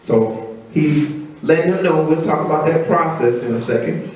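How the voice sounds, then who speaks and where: A man preaching a sermon, telling the story conversationally and acting out quotes in a low voice. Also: normal speed, darkish tone. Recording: very echoey room, voice from a distance.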